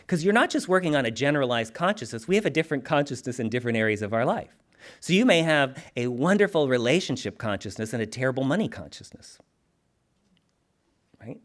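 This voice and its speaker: A man giving an animated, humorous, conversational spiritual talk to a congregation. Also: medium pitch, quick pace. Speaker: spiritual teacher.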